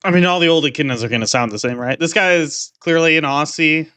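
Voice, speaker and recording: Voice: mid-range voice, quick pace, pushed and bright, clean tone, no room sound. A podcast co-host chatting casually and playfully teasing the other host. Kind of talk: casual chat.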